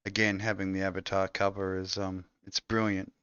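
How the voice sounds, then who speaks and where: Co-host: man, very low voice, rambling and crude, dry lo-fi sound. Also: level tone, fairly quick, a bit bright, clean tone, dry recording. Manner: rambling, crude, laid-back. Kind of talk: casual chat.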